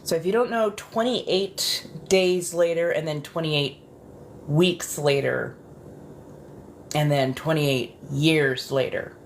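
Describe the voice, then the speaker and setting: Low-voiced woman in soft ASMR chat. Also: takes it slowly, slight background noise. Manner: chatty, rambling, casual. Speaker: ASMR creator.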